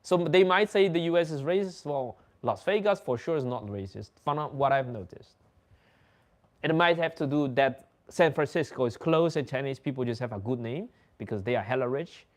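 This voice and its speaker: A man's voice: medium pitch, animated, moderate pace. A man whose first language is Dutch, hosting a livestream and telling casual stories in English. He laughs often and acts out other people's lines. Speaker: livestream host. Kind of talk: casual storytelling.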